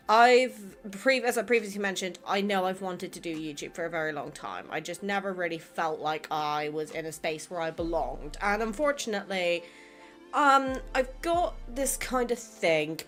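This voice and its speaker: Her voice sits at a medium pitch with a fairly bright tone as this gaming YouTuber goes over what viewers have commented. She comes from England, her West Country accent influenced by American, and she rambles along casually, second-guessing herself.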